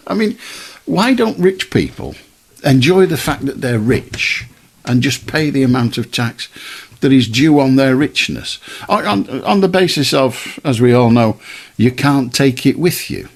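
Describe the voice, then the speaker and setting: Male late-night phone-in host, husky, blunt and talkative with callers. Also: mid-range voice, sing-song, unhurried. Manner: firm, blunt, chatty.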